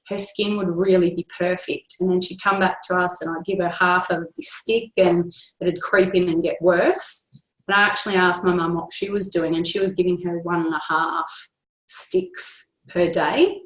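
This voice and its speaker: A woman with a lowish voice tells her family story in an earnest, steady way. Her voice echoes around the room she is calling from. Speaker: guest sharing a family story. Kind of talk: online group call testimonial.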